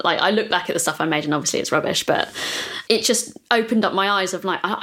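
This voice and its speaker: A woman artist telling stories in a podcast interview, with an animated, laughing delivery that acts out the voices of the people she quotes. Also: mid-range voice. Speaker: artist and guest.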